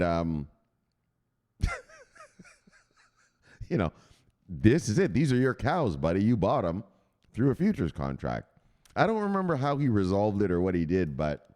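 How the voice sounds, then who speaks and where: Excitable low-voiced man explaining casually. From United States. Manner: excitable, rambling, laughs and corrects himself often. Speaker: crypto news host.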